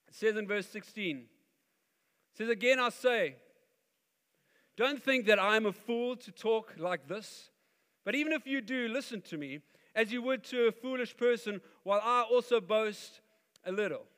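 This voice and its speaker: A man preaching a sermon as pastor, animated and acting out the voices he quotes. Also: high-pitched, normal speed, smooth. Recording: long hall reverb.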